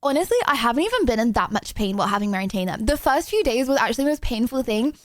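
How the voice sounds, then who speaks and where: Young female streamer, high bright voice, chatty filler-heavy casual talk, dry sound. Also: big pitch swings, rapid-fire, dry recording. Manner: chatty, bubbly, full of "like" fillers. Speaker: streamer host. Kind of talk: casual livestream chat.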